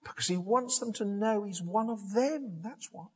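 A man preaching a sermon, telling a Bible story in an animated way with frequent restarts and self-corrections. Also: high-pitched, moderate pace, hardly any pauses, husky.

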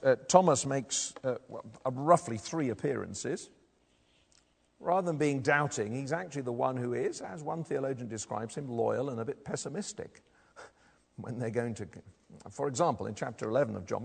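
A man gives a sermon in a church, speaking conversationally and often turning to the congregation with rhetorical questions. His husky voice swings widely up and down. A long reverb hangs behind every phrase, as in a large hall. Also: medium pitch, darkish tone. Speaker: preacher.

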